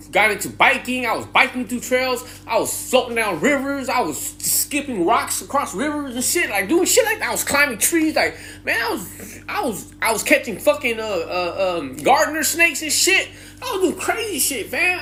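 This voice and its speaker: Streetwise man spinning a story, bright and lively delivery, faint hiss behind. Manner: animated, slangy, swearing, mimics high-pitched greetings. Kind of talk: casual storytelling monologue.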